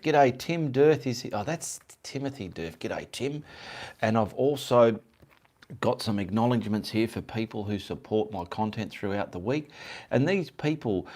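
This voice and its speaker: This livestream host and artist from Perth, Western Australia, chats casually and rambles, calling out viewers by name. He has a mid-range, darkish-toned voice.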